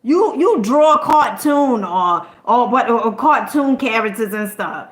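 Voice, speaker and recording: A woman's voice: on the high side, animated, a little slow. Emphatic woman vlogger in an echoey room. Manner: emphatic and preachy, keeps asking "okay?", swears casually. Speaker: content creator. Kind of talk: motivational talk to camera.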